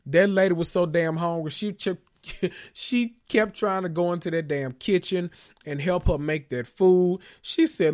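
A man hosting a casual recap, animated and joking, with frequent profanity. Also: fairly high pitch, normal speed. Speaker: podcast host recapping a TV episode. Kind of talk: casual chat.

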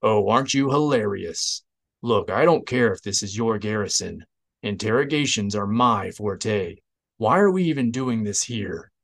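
A woman's voice: rumbling low, expressive, measured pace, exaggerated voice. Man voicing an exasperated Imperial woman. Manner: impatient and scornful. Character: exasperated, haughty female Imperial officer.

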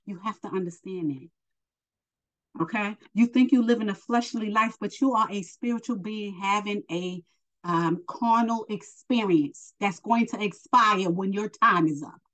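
A woman speaks in an informal, heartfelt preaching style, urging and encouraging her listener. Her voice sits at an ordinary middle pitch and carries an emotional, close-to-tears earnestness throughout. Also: unhurried, a bit bright, rough recording. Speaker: spiritual teacher.

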